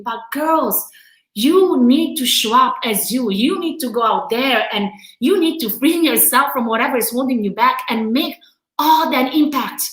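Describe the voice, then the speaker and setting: A woman's voice: high-pitched, animated, unhurried, reverberant, poor audio. A woman with an accent hosting a live motivational coaching stream from home, talking candidly and emotionally and laughing often. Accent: non-native accent. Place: at home during quarantine.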